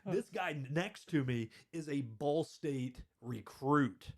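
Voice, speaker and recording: A man's voice: fairly high pitch, expressive, slow. A man hosting a podcast, telling stories in a rambling, self-deprecating way and laughing through them. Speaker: podcast host. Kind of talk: casual storytelling chat.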